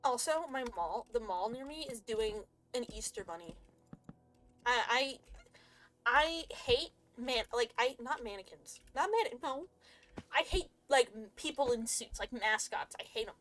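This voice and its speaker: A woman's voice: a little high, expressive, unhurried, fairly bright tone. A woman streamer chatting casually and rambling, joking and laughing often. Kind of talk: casual chat.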